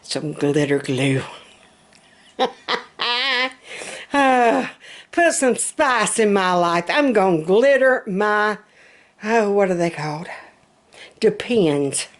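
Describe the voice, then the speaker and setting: A woman's voice: medium pitch, sing-song, slow pace, pauses often. A middle-aged woman, chatting in a self-mocking, storytelling way. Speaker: vlogger. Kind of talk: casual chat.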